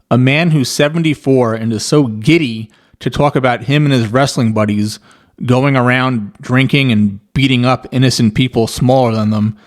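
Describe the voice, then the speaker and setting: A man giving reaction commentary, skeptical and building long hypothetical scenarios to argue his point. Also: mid-range voice.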